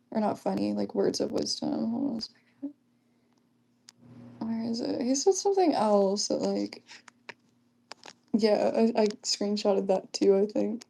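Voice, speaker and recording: A young woman livestreaming in a casual chat, reading comments aloud, often giggling and keeping her voice hushed. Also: fairly high pitch, vocal fry, breathy edge.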